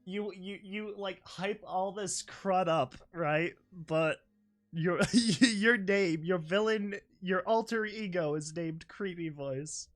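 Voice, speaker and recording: A man's voice: sits high, slow pace, soft background music. A man reading a fan story aloud as its narrator. He laughs often and breaks off the reading to react with commentary.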